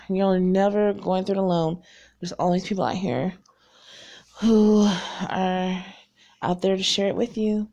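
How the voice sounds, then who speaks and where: A woman's voice: mid-range voice, gravelly, warm tone. A woman around forty from North Carolina, raised in Virginia, chatting casually and frankly to her viewers, rambling and laughing often. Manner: frank and self-deprecating. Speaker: vlogger.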